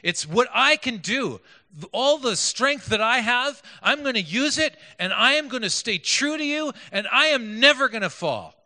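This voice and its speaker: A man's voice: very high voice, lively intonation, normal speed, pushed and bright, voice pushed up, heavily acted. A man acting out an insistent, emphatic follower who swears he will never abandon his master. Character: fervent grown man vowing loyalty. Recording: echoey hall.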